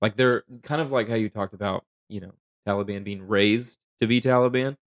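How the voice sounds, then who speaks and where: A man hosting a podcast, asking questions in a relaxed, easygoing way and hedging his sensitive ones. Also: lowish voice, a little fast, no room sound. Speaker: podcast host. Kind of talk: casual interview chat.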